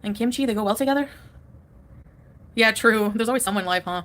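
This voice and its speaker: A woman's voice: fairly high pitch, fairly quick, a bit bright. A woman hosting a casual live stream from home, rambling, chatting with viewers and laughing often.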